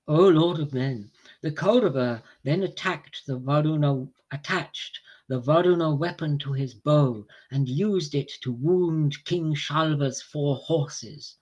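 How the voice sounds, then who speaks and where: Slow, deliberate man reading an epic. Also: a little high, darkish tone. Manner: slow, deliberate and measured, with pauses between phrases. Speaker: reader of scripture to a group. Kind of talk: reading an ancient epic aloud.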